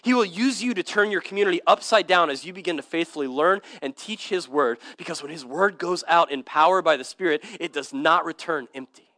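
A man with a high, bright voice preaches a sermon in church. He speaks earnestly and emphatically, drops casual slang and often repeats words as he builds a point. The sound is dry and close. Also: fairly quick, few pauses, no echo. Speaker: pastor. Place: church service.

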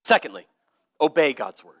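A man's voice: a little high, sing-song, normal speed, fairly bright tone, no echo. A man preaching a sermon in church, earnest and emphatic, with casual slang and frequent word repeats. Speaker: pastor. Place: church service.

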